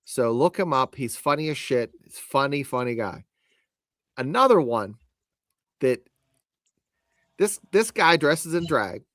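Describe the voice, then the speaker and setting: A man's voice: mid-range voice, lively intonation, a little slow, long pauses, a bit bright, dry recording. Laid-back man in dry close sound. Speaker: podcast co-host. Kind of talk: casual podcast chat.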